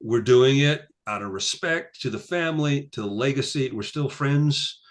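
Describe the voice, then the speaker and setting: A man in his sixties chatting as a guest musician on a casual interview, rambling with many fillers and acting out the people he quotes. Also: normal speed. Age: 60s. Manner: rambling, full of "you know" fillers; acts out quoted people with lively pitch jumps.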